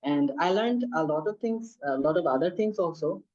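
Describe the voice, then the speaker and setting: A man's voice: on the high side, expressive, moderate pace, darkish tone, lo-fi sound. A man from Bangladesh, a native Bengali speaker, answering an exam question hesitantly with many fillers. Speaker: IELTS test candidate.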